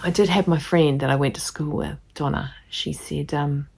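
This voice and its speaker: A woman's voice: low-pitched, steady tone, normal speed, gravelly, few pauses, darkish tone, husky. A woman craft vlogger chatting casually to camera, rambling with lots of ums. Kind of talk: casual sit-down chat to camera.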